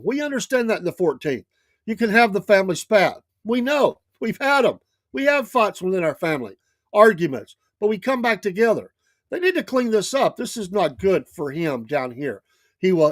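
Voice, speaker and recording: Emphatic man with a high voice. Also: dry recording, clean studio sound. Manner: emphatic, repetitive, frequent restarts and "I'm gonna tell you". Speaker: radio talk show host. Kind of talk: opinionated political commentary.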